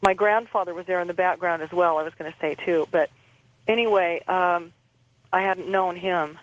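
A woman interview guest calmly recounting a personal experience, halting and repeating words as she goes. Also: fairly low pitch, muffled recording.

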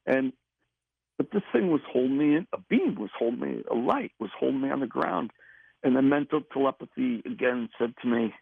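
A man telling a personal story in a casual interview, halting and repeating words as he goes. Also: mid-range voice, animated, creaky, husky, dry recording. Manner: halting, repeats words, laughs between phrases. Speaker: guest recounting an experience. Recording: tinny phone line.

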